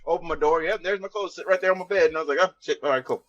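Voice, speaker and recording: A man's voice: fairly high pitch, very fast, dull audio, over a noisy crowd. A man guesting on a podcast, telling a barracks story in a laid-back, profane, drawling way. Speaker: podcast guest, army veteran. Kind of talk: casual storytelling chat.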